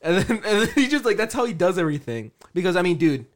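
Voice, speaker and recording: Fast, lively young man rambling. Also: sits high. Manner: rambling, full of filler words, joking. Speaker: podcast co-host. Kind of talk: casual chat.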